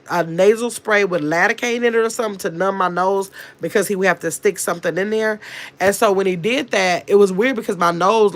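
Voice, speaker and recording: Nasal-sounding woman rambling on her livestream, loose casual chat, middle pitch. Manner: rambling, chatty storytelling with restarts. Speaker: live streamer.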